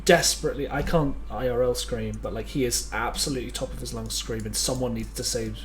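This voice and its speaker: A man's voice: mid-range voice, quick pace. Male player, eager, profane, casual. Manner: excitable, swears freely. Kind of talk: casual game chat.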